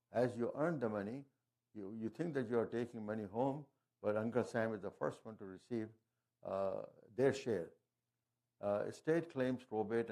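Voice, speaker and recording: In an informal talk on wills and estate planning, a man's fairly low, slightly mellow voice guides listeners through his slides. He stops and restarts frequently, fills pauses, and uses non-native phrasing.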